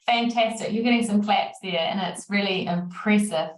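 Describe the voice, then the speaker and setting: A woman's voice: medium pitch, moderate pace. Woman, New Zealand accent, webinar moderator, encouraging, echoey room, distant mic. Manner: encouraging, effusive praise. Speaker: session moderator. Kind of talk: online webinar Q&A.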